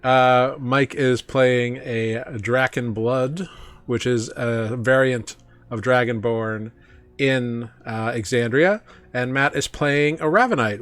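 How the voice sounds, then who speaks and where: A man running a tabletop game stream as its host, talking in a relaxed, casual way with many fillers. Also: medium pitch, slow pace. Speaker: game master.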